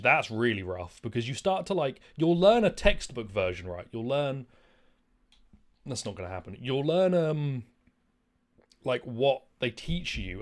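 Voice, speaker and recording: A man streaming a game and chatting casually, rambling and swearing freely. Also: mid-range voice. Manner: rambling, profane, animated. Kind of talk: casual gaming commentary.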